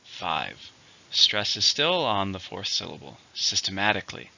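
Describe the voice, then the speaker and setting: A man teaching English vocabulary slowly and carefully, counting syllables and marking stress. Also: deep voice, big pitch swings, creaky, sharp tone, highs cut off. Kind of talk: vocabulary lesson.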